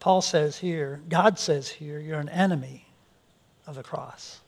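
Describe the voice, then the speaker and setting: A man's voice: fairly high pitch, a little slow, gravelly, darkish tone. A male pastor preaching a sermon, earnest, often repeating words as he restarts his sentences.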